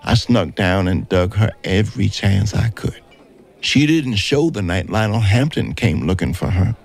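A man's voice: fairly low pitch, lively intonation, measured pace, gravelly, exaggerated voice. Man voicing Dinah, a sassy queenly singer. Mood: reminiscing. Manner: sharp-tongued, regal. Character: proud sassy woman jazz singer, queenly.

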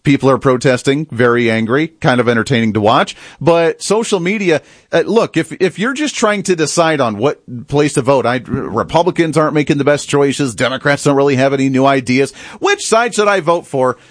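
A man's voice: medium pitch, expressive, fairly quick, no echo, studio quality. A man hosting a political talk show, commenting in a casual, mocking way. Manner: chatty, mocking, laughs at clips.

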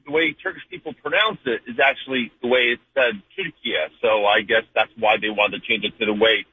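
A man's voice: medium pitch, slightly rough. A man from New Jersey calling in to a sports talk show, talking at length with lots of fillers. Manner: fast, rambling, with many fillers. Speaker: caller. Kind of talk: casual call-in sports chat. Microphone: phone. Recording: phone line.

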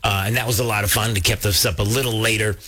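A man's voice: fairly low pitch, steady tone, fast talker, a bit bright. A man hosting a political talk show in a rambling, casual way with lots of filler words.

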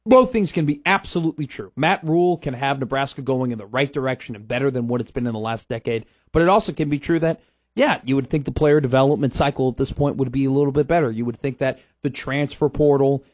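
A male sports radio host makes his case in an emphatic, repetitive way. His voice sits in a middle pitch, recorded close and dry in the studio. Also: fast talker, darkish tone, no echo. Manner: emphatic, repeats points. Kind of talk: casual sports talk.

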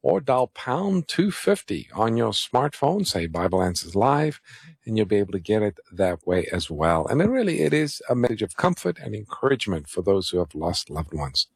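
A male co-host on a call-in Bible radio program introduces callers and reads out phone numbers. His fairly low voice moves lively up and down with a slight huskiness, recorded dry in the studio. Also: moderate pace, creaky, slightly rough, no room sound.

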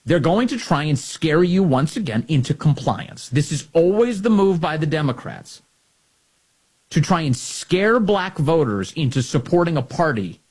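A man's voice: mid-range voice, darkish tone, slightly rough. A man delivering an opinion commentary monologue, emphatic, sarcastic and combative. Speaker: political commentator.

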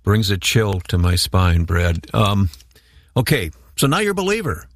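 Male host, low gravelly voice, dry close sound, encouraging. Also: sing-song, normal speed, no room sound. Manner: encouraging, prompting questions. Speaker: interview host. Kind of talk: conversational interview.

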